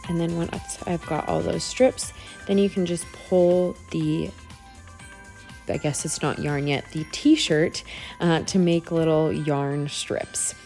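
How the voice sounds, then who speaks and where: Woman crafter narrating her tutorial, slow and easygoing, mellow low voice. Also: steady tone, vocal fry, faint music behind. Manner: easygoing, step-by-step explaining. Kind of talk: relaxed craft tutorial voice-over.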